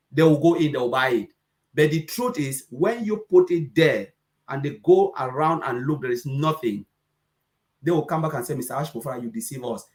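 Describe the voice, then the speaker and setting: A man giving an emphatic, preachy, repetitive motivational talk on a webinar, now and then acting out customers' voices. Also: fairly high pitch. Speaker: presenter.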